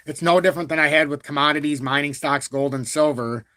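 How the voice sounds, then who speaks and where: A man hosting a crypto live stream, talking at length in a blunt, calm and even tone while reading out viewer super chats. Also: a little high, quick pace, no room sound. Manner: talkative and blunt, reads super chats aloud; calm, even-toned delivery even when annoyed. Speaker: crypto livestream host. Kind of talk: live-stream market commentary.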